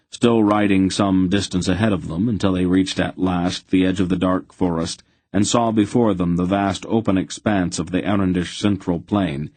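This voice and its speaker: A man narrating an audiobook in a steady, even storytelling manner. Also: sits low, no room sound. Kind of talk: scripted narration.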